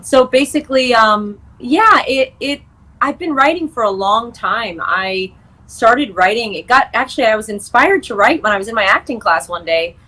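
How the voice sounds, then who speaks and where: A woman's voice: on the high side, animated, normal speed, sharp tone, low-quality recording. A young woman, an actress and screenwriter, chatting as an interview guest, full of fillers and restarts. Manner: chatty, many fillers and restarts, laughs easily. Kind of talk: casual interview chat.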